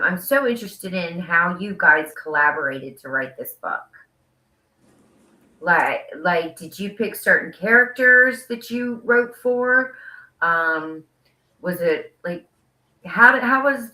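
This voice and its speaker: A woman's voice: lowish voice, pushed and bright. A woman co-hosting a podcast interview, chatting casually, rambling and laughing often. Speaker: podcast co-host. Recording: roomy echo.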